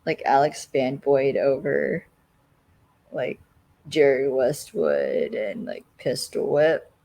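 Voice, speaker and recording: Podcast co-host, casual chat, easygoing, agreeable, middle-pitched voice. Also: expressive, takes it slowly, gravelly, warm tone.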